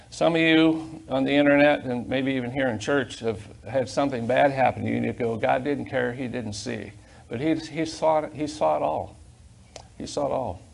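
An older man preaching a sermon as pastor in a church, fervent, swinging between loud emphasis and quiet asides, on a corded mic. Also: medium pitch, vocal fry, a little hiss or hum. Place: church sanctuary.

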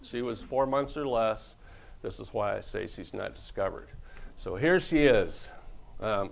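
Pastor, middle-aged man, gravelly voice, preaches with jokes and acted-out quotes. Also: on the low side, lively intonation, measured pace, rough recording. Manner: joking, storytelling, acts out quoted voices. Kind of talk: humorous sermon.

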